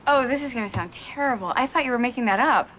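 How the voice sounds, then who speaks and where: An actress playing a friendly young veterinarian with a light, chatty manner. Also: female voice, fairly high pitch, quick pace, noisy background, lightly acted. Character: friendly young female vet.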